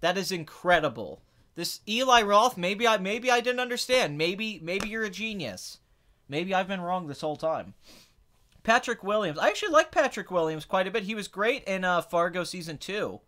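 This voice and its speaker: A man's voice: sits high, normal speed. A man hosting a podcast, chatting casually about movies in a blunt, sarcastic, opinionated way. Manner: blunt, opinionated, sarcastic, swings between flat and excited. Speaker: podcast host answering chat questions.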